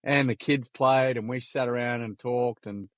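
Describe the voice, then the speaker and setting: An Australian man telling lively stories in a casual podcast chat, full of slang and acted-out quotes. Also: medium pitch, normal speed, no echo, clean studio sound. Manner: animated yarn-telling, acts out quoted voices, slangy. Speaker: podcast guest.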